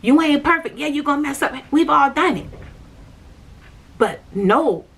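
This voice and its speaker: A woman's voice: high voice, expressive, unhurried, gravelly, fairly bright tone. A woman vlogger telling her personal spiritual testimony in a conversational way. She speaks emphatically, repeats her points and talks straight to her viewers. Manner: emphatic, repetitive, conversational storytelling; addresses viewers directly.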